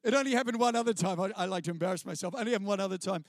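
A middle-aged man from New Zealand with a New Zealand accent, speaking as a guest on a church stage and sharing his testimony in an animated, self-deprecating, chatty way. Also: high voice, very fast, dry recording, clean studio sound. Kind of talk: personal testimony storytelling to a live audience. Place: stage before a live audience.

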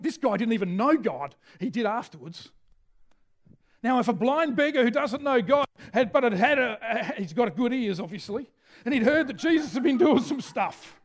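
High voiced guy preaching a sermon, gets loud and shouty a lot. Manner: energetic, shouts out key phrases.

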